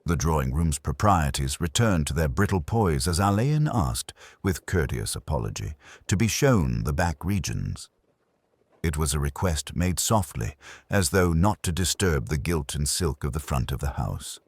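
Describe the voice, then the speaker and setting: A man narrating a classic detective mystery in a measured, expressive reading. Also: extremely low pitch, husky, no room sound. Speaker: audiobook narrator.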